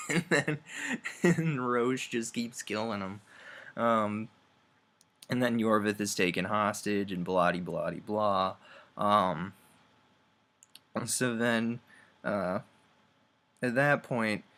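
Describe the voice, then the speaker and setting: A man's voice: fairly low pitch, fairly even intonation, takes it slowly, long pauses, fairly bright tone. A young man recapping a video game's plot in a loose, offhand way, full of fillers and crude asides. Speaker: video game reviewer. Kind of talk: casual rambling plot recap.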